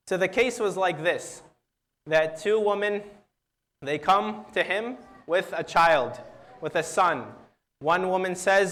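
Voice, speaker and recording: A man's voice: fairly high pitch, fairly bright tone. A young man telling religious stories in an earnest way, acting out the quoted dialogue and often restarting words. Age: young adult. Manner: earnest storyteller who acts out quoted dialogue. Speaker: youth speaker. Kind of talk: religious storytelling talk.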